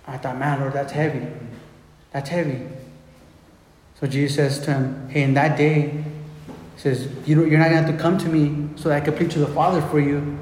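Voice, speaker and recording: A man's voice: on the high side, level tone, normal speed, pauses often, darkish tone, slight background noise. A man preaching a sermon in an earnest way, often restarting and repeating phrases. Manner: earnest, repetitive, many restarts. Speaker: pastor. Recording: echoey hall with faint ambience.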